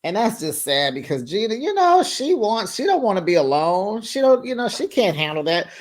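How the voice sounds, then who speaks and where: A woman hosting a casual reality TV recap, sassy and animated, talking straight to her viewers. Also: medium pitch, moderate pace. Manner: sassy, animated, talks straight to viewers with slang like "child" and "honey".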